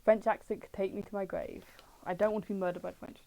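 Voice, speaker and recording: A woman's voice: medium pitch, flat delivery, fast, dark tone, rough recording. A British woman streaming from home, chatting casually as she looks through old books and answers her chat with jokes.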